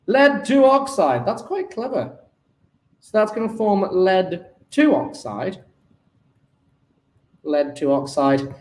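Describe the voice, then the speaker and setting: A man's voice: high-pitched, roomy sound. A man working through an exam paper as a chemistry tutor, thinking aloud and talking to himself as he calculates.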